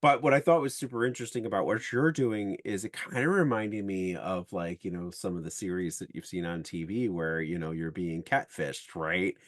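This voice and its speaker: A man's voice: sits low, moderate pace, hardly any pauses, no room sound, studio quality. A man hosting a podcast, talking in a loose, rambling way with many fillers. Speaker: podcast host. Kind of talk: casual interview chat.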